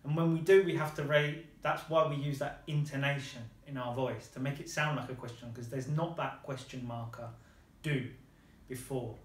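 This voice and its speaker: A man's voice: mid-range voice, fairly even intonation, normal speed, reverberant. A man teaching a lesson, patiently modelling phrases and praising his student's answers. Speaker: language teacher.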